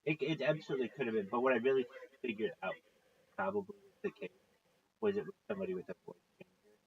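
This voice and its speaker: On a casual livestream, a man with a mid-range voice and vocal fry tells a rambling story at a fast clip. He swears often and acts out what others said in lively voices. The stream audio is dull and lo-fi.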